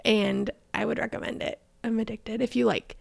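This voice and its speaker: Chatty young woman with vocal fry. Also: on the high side, little pitch movement, normal speed, no room sound. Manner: chatty, lots of "like" and trailing off into whispers. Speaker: podcast co-host. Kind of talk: casual chat.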